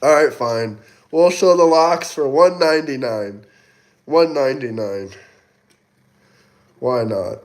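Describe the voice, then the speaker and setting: A man's voice: mid-range voice, slow, pauses often, a little mellow. A man hosting a casual livestream, reading super chats aloud and taunting commenters, coughing now and then. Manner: mocking, taunting. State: sweaty, coughing. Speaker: livestream host.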